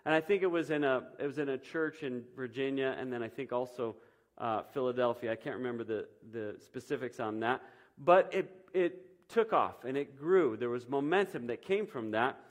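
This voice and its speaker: Guy pastor giving a sermon in church, chatty and loose, lots of ums, mid pitch. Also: normal speed. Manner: conversational, with many ums and restarts.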